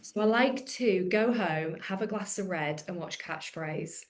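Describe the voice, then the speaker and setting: A woman's voice: lowish voice, unhurried. A woman comedian in her thirties, chatting casually and self-deprecatingly as a podcast guest.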